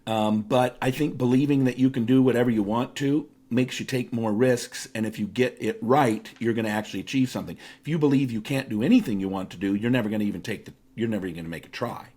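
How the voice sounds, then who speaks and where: Fifties male guest, lively storyteller, casual and conversational, sprinkles fillers. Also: medium pitch, fast, hardly any pauses. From Seattle area, United States. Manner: animated, anecdotal, frequent fillers. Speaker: guest, speaker and author.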